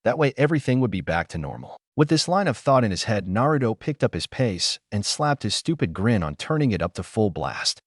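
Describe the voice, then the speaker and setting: Man narrating with lively pitch. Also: fairly quick, few pauses, no echo, clean studio sound. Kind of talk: reading fan fiction aloud.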